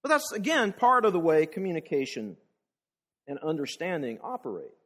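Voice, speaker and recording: A man's voice: on the high side, huge pitch swings, moderate pace, fairly bright tone. A man preaching a conversational sermon, asking the congregation rhetorical questions and often repeating words as he restarts.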